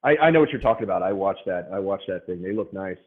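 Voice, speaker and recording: A man with a low voice calls into a casual debate, halting and repeating himself as he works out his point. His pitch swings widely. The sound is narrow and phone-like. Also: expressive. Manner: hesitant, restarts and repeats words. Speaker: caller in a debate. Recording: tinny phone line.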